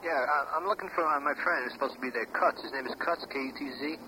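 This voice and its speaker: A man calls a bar and calmly asks for made-up names, spelling them letter by letter. His voice sits a little high. Steady hiss runs under the old taped call. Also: quick pace. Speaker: prank caller. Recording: hissy taped phone call.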